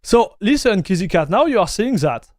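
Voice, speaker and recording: A man with a French accent hosts a live stream in a chatty, easygoing way, answering viewer messages and tossing in dude and broski. His voice sits a little high for a man and sounds dry and close, with no room echo. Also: very animated, moderate pace, darkish tone. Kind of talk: casual live-stream chat.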